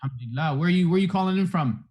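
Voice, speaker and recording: A man's voice: on the high side, very fast, darkish tone. Playful man hosting over video call. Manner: joking, playful, sprinkles Arabic phrases. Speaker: host. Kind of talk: casual online event hosting.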